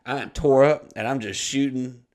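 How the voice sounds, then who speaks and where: A man's voice: mid-range voice, moderate pace. A man telling a rowdy story on a podcast, swearing freely and breaking into laughter. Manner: animated, swearing, bursts of laughter. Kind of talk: casual profane storytelling.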